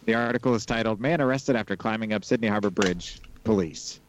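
A man co-hosting a podcast, chatting casually and reading listener emails aloud in a relaxed way. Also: on the low side, fairly quick, lo-fi sound, background noise. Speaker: podcast co-host.

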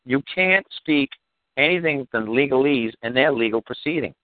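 A man's voice: mid-range voice, lively intonation, moderate pace, no room sound. A man talking on a call-in radio show, explaining legal matters in a blunt, exasperated, repetitive way, with some cursing. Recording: tinny phone line, dry.

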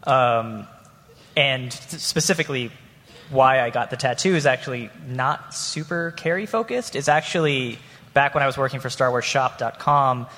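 A man's voice: mid-range voice, normal speed, sharp tone. A man on a convention panel, telling a story in a self-deprecating way and laughing often. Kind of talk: panel discussion. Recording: long hall reverb.

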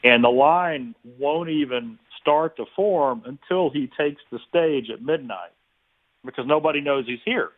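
A man telling a long personal story in an interview, relaxed and anecdotal, acting out the people in it. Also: fairly high pitch, unhurried. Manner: relaxed anecdotal, many restarts and quoted dialogue. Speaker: guest. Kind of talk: conversational storytelling. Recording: tinny phone-like line.

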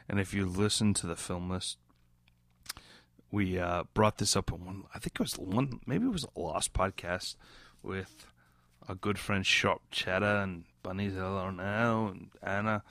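Drunk guy hosting a podcast, low gravelly voice, rambly and giggly, keeps slipping into fake british slang. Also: fairly bright tone, no echo, studio quality. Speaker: podcast host. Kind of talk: casual rambling podcast chat.

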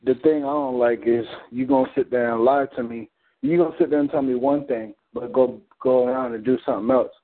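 A man's voice: medium pitch, fairly even intonation, brisk. A man on a community call, telling a story in a blunt, heated, profane way. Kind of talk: casual storytelling. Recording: phone-like call audio.

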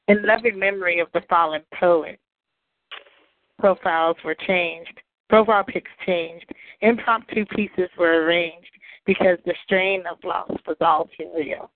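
A woman performing a sharp, accusing spoken word piece. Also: on the low side, no echo. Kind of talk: performance poetry. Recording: tinny phone line.

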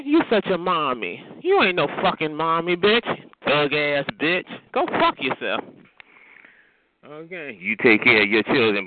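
Man, phone-line audio: profane taunting rant, pitch spiking when yelling. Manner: profane, taunting, repeats "okay?". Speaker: chat line caller. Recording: tinny phone line with hiss.

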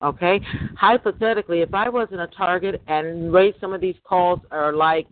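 A man with a notably high voice hosts a call-in chat, rambling from point to point and turning often to talk to his audience. His voice comes through thin and boxy, like a phone connection. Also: expressive, normal speed. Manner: rambling, addresses listeners directly as guys. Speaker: host. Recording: tinny phone-line sound.

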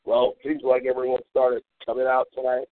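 A man's voice: medium pitch, monotone, brisk, no room sound. A man hosting a call-in radio show, delivering an angry, profane, mocking rant. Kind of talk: ranting call-in radio monologue. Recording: tinny phone-like audio.

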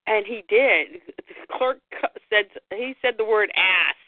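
A woman's voice: medium pitch, slow pace, no room sound. A woman co-hosting a casual chat show, sharing a memory in an enthusiastic, rambling way. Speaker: podcast co-host. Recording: dry, phone-like narrow sound.

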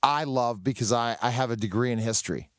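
A man's voice: mid-range voice, a little fast, no echo. Eager forties male interviewer, dry sound. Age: 40s. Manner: eager, repeats words when excited. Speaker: host. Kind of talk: casual interview.

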